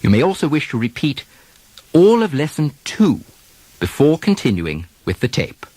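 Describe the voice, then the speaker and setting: A man teaching accent drills on a taped lesson, modeling example sentences slowly and deliberately. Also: a little high, wildly swooping pitch, warm tone, dry recording. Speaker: dialect coach.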